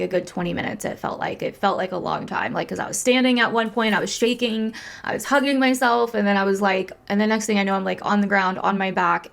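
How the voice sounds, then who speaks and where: A woman astrologer talking to camera in a casual, confessional way, animated, full of "like" fillers and freely swearing. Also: mid-range voice, creaky.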